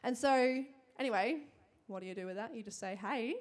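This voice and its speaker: A young woman giving a sermon to a congregation, telling a personal story in a chatty, quick way with lots of fillers and frequent laughter. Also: a little high. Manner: chatty, fast, laughing often, many fillers. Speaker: church speaker.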